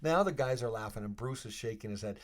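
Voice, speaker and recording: A man in his fifties, a retired hockey player guest, telling stories in a rambling, animated way and laughing as he acts out scenes. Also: medium pitch, quick pace, a little hiss or hum. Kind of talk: casual storytelling interview.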